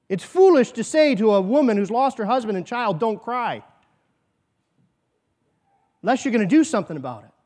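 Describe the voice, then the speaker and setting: A man's voice: high-pitched, a little mellow. A man preaching a sermon as pastor, earnest, with rhetorical questions and quoted asides.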